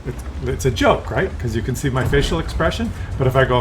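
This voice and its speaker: A man talking as a YouTube commentator in a loose, rambling way, with many fillers and restarts. His pitch sits in an ordinary middle range. A steady noise runs clearly underneath the recording. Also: a little fast. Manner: drops into brief acted voices for examples. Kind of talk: casual video commentary.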